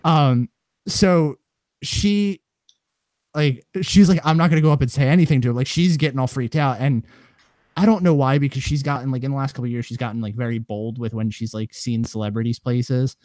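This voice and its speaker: A man's voice: medium pitch, normal speed, no echo. Rambling, chatty man telling stories. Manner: rambling animated storyteller. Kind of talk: casual chat.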